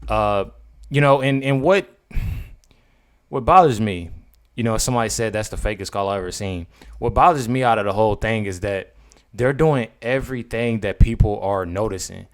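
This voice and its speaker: A man's voice: lowish voice, moderate pace, clear, resonant tone. A man doing casual commentary for his vlog, rambling and repeating himself as he talks to his viewers. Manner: rambling, repetitive, addresses viewers as y'all. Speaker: political commentary vlogger.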